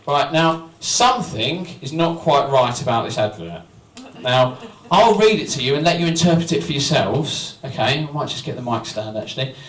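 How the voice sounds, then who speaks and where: A man's voice: mid-range voice, expressive, moderate pace, hardly any pauses, fairly bright tone. A young man doing a stand-up comedy set, cheeky and self-mocking, chatting with the crowd. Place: small comedy venue with live audience. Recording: roomy, distant, crowd laughter. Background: audience laughing and cheering.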